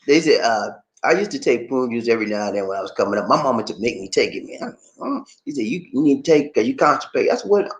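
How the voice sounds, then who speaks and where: An American man hosting a casual live stream from home, reading out viewer names, laughing often and talking in a lively, easygoing way. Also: mid-range voice, fast talker, hardly any pauses. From United States. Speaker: vlog host reading live chat.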